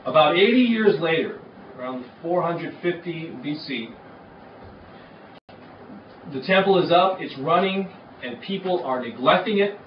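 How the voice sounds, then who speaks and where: A man's voice: a little high, expressive, unhurried, long pauses, slight background noise. A man who pastors a church, giving a conversational sermon with frequent filler words. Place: church hall. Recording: echoey hall, far from the mic, dull.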